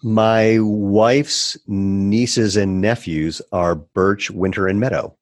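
A man's voice: on the low side, fairly even intonation, no echo. A man hosting a podcast, chatting casually and joking with his guest. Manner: jokey, quick, laughs often. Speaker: podcast host. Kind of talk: casual interview chat.

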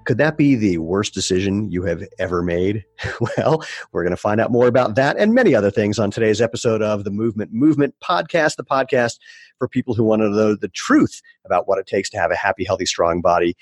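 A man's voice: lowish voice, no room sound. A man hosting a podcast, chatting casually and joking with his guest. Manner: jokey, quick, laughs often. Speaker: podcast host. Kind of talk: casual interview chat.

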